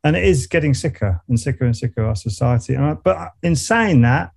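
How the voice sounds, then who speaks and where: Gravelly Surrey-accented man, reflective. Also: medium pitch, expressive, a little fast, a little mellow. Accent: Surrey English. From England. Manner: reflective, rambling, frequent restarts and laughs. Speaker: guest, meditation coach and musician. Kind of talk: casual interview conversation.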